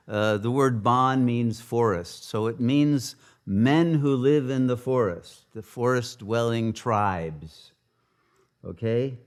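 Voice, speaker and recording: Slow, halting male spiritual teacher. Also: medium pitch, clear, resonant tone. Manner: halting, with many filler pauses. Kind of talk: retreat teaching.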